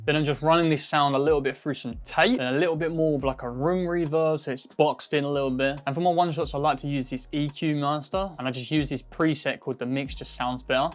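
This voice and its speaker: A man hosting a music production tutorial, explaining steps in a relaxed way with frequent filler words. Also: fairly high pitch, fast talker, few pauses. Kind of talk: screen-recorded production tutorial.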